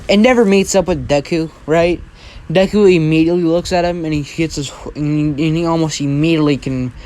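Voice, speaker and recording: A man's voice: fairly high pitch, darkish tone, clear, resonant tone. Rambling young man retelling fan fiction. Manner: rambling, repeats "right?". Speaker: storyteller.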